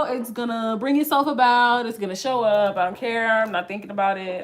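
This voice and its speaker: A woman's voice: a little high, normal speed, faint music behind. A young woman in her twenties telling a story to her viewers in casual, slangy chat, laughing often. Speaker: vlogger.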